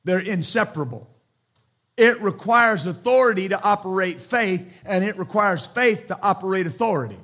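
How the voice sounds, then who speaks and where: A pastor delivering a sermon, preaching emphatically with repeated phrases and loud exclamations. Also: male voice, high voice, lively intonation, moderate pace.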